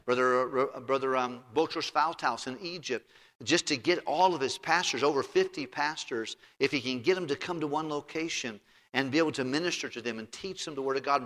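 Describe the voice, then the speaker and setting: A man preaching a sermon, who swings between loud emphatic outbursts and quiet asides. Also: mid-range voice, in a large hall. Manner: preacherly, rising to shouts and dropping to quiet asides. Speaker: pastor.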